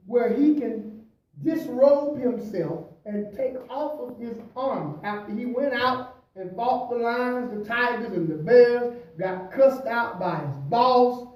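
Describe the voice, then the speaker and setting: High-voiced pastor preaching in an echoey church. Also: male voice, slow. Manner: punctuates with "praise the Lord" and "hallelujah"; preacherly, swings between loud emphasis and quiet asides. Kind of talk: preaching at a bible study. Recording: echoey church from a distant mic.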